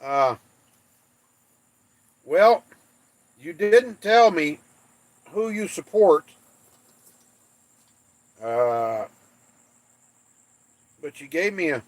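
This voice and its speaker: A man's voice: a little high, dry recording. A man from the United States hosting a livestream, reading viewer comments and joking about English place names in playful trash talk. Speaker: livestream host.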